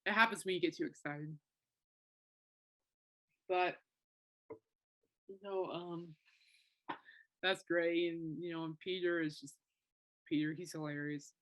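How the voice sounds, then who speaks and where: A woman's voice: on the low side, fairly even intonation, slow pace, long pauses. A woman in her thirties hosting a casual solo podcast, rambling and emotional, with many fillers and restarts. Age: 30s. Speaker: podcast host.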